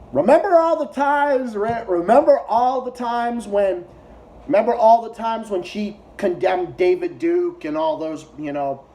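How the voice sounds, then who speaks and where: A man's voice: high voice, mellow. A man heckling video clips in a profane, sarcastic rant as a political commentary YouTuber. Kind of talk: ranting reaction commentary.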